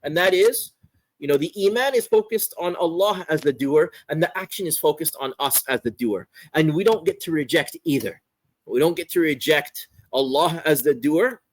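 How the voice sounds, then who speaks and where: A man teaching a religious course, explaining a text in an unhurried lecture and often repeating phrases and asking "right?". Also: on the high side, rough recording. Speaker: Islamic scholar teaching a course.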